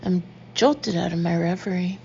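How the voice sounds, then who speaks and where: A woman reading a first-person story aloud in an intimate, often hushed and breathy manner. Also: lowish voice, moderate pace, muffled recording, a little hiss or hum. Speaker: audiobook narrator. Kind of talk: first-person audiobook narration.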